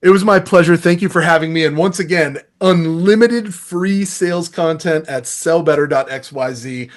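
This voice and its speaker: Man, middle-aged, energetic sales trainer, slightly high voice, acts out phone calls. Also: moderate pace. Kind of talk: masterclass talk.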